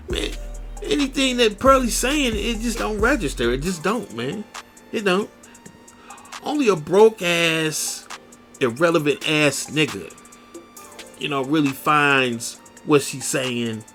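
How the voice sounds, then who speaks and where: A man's voice: mid-range voice, fairly bright tone. A man hosting a radio show, ranting in a blunt, profane and preachy way. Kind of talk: profane solo radio rant.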